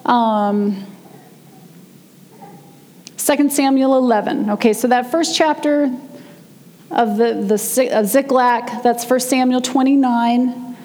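A woman preaching a sermon, retelling a story in a chatty way and slowing down to stress key words. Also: a little high, a little mellow, big-room sound. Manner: conversational storytelling, slows down for emphasis. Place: church sanctuary.

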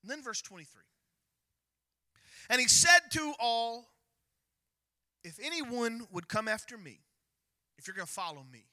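A male pastor preaching a sermon, emphatic and rising to near-shouts as he retells scripture. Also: extremely high pitch, expressive, unhurried, pauses often, dry recording.

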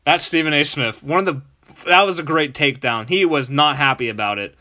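A man's voice: on the high side, fairly quick, bright, forceful tone. A man hosting a sports podcast, chatting casually and laughing along with loose restarts. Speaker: podcast host.

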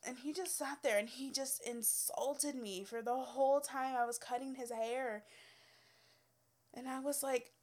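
A young woman tells stories from her work in a casual, unscripted way. Her voice sits slightly high. She is blunt and profane and fills her talk with filler words. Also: steady tone, measured pace, darkish tone. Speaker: cosmetology student telling work stories. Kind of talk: casual storytelling.

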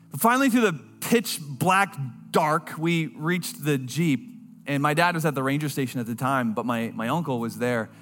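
A man preaching a sermon, telling a personal story in an earnest voice that drops low and quiet at tender moments. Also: big-room sound.

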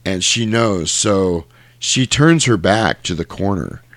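A low-voiced man animatedly retells a film's plot in casual chat, slipping into the characters' lines. The sound is dry and close, with no room around it. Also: animated, takes it slowly, no room sound. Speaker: podcast co-host. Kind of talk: casual movie recap chat.

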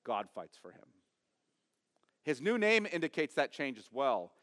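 A man's voice: medium pitch, big pitch swings, measured pace, a bit bright. Emphatic man preaching in a reverberant church. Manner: emphatic, rising and dropping for stress, asks the congregation questions. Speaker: pastor. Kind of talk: sermon. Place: church sanctuary.

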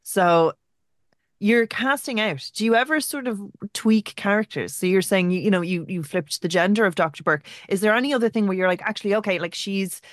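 A woman hosts a podcast interview in an enthusiastic, effusive manner. Her voice sits at a middle pitch and sounds dry and close, with no room echo. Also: fairly quick. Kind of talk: casual interview talk.

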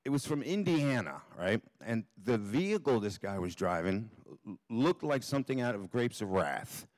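A man tells a comic story from a theater stage, wry and offhand, swearing freely. His voice is mid-pitched, and the sound is dry and close, with little room echo. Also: sing-song, moderate pace.

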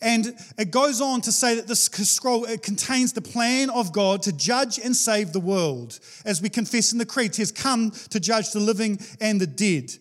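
Man, high voice, preacher, sermon, animated, casual asides. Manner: animated, playful, acts out quoted voices with laughs.

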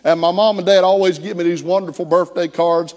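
A man's voice: high-pitched, brisk, in a large hall. A man preaching a sermon, telling a story and acting out the voices of the people in it. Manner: animated, acts out quoted voices. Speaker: pastor.

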